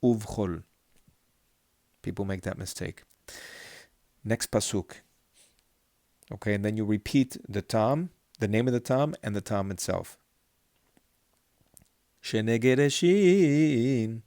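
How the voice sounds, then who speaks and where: A middle-aged man teaching Torah cantillation, chanting verses slowly and then explaining them patiently, asking the listener to repeat after him. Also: fairly low pitch, darkish tone, no room sound, clean studio sound. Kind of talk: chanting lesson with call-and-repeat.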